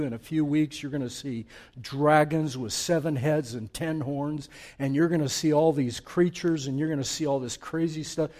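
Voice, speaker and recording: Man preaching with dramatic loud-soft swings. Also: on the high side. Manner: dramatic swings from loud urging to quiet near-whisper. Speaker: pastor. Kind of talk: sermon.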